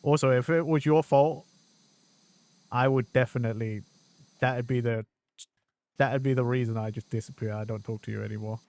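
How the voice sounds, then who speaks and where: A man streaming a game and commenting as he plays, excitable and quick to swear and burst into exclamations. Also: medium pitch, creaky, dry recording. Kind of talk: gameplay commentary.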